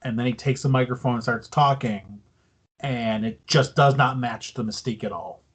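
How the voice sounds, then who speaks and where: A man's voice: medium pitch, moderate pace, husky. A man co-hosting a podcast, recapping a wrestling show in loose casual chat with swearing and mocking asides. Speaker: podcast co-host.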